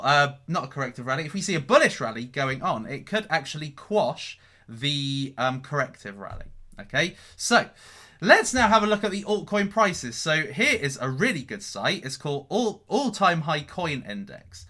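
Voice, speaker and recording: A man talking straight to camera in a bright, sharp, fairly high voice that leaps up and down constantly. He sounds animated and emphatic, punching his points home and tacking "okay?" onto the end of them. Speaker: crypto vlogger. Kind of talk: casual market commentary to camera. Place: indoors in front of a green screen.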